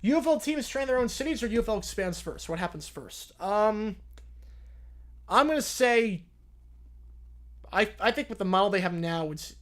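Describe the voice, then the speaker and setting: A man's voice: sits high, animated, moderate pace, long pauses, a bit bright. Chatty, rambling young male streamer. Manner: chatty, rambling, self-correcting. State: yawning, drowsy. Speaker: live-stream host answering chat. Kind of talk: casual live commentary and Q&A.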